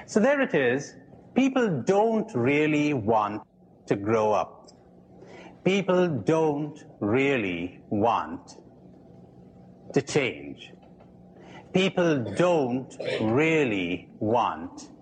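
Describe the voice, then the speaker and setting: Slow, animated man lecturing. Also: medium pitch, slight background noise, rough recording. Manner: challenging rhetorical questions. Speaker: speaker giving a talk. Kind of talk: reflective lecture with jokes.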